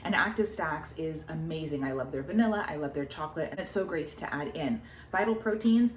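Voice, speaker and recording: A woman's voice: low-pitched, expressive, fairly quick, a little hiss or hum. A woman fitness coach chatting casually through a recipe and a meal-logging demo, upbeat and gushing. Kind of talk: casual recipe vlog chat.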